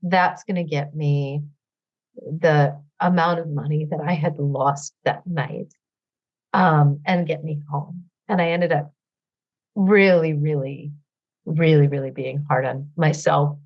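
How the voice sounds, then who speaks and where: A woman with a somewhat low voice shares her recovery story in a candid, halting way, leaning on fillers as she searches for words. She sounds teary. The audio is dull and lo-fi. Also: steady tone. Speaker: guest sharing recovery story. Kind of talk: emotional personal storytelling.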